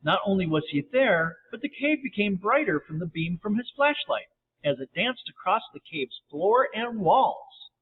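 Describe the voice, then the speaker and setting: Man narrator for a bedtime story, high voice, gentle and lively, tinny sound. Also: unhurried. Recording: tinny phone-like audio, faint hiss.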